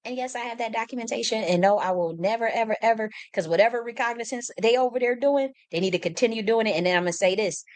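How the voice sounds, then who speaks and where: A woman's voice: on the high side, fast, few pauses, a little mellow. A woman hosting a casual livestream, talking bluntly and emphatically with frequent restarts and swearing. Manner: shifts into mock-quoting herself and others. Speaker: livestream host.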